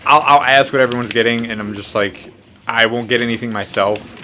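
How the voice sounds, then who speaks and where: A man's voice: mid-range voice, steady tone, brisk, bright, forceful tone, a little hiss or hum. A man in his twenties telling a rambling, profane, self-mocking story in a casual chat while gaming. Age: 20s. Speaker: podcast host.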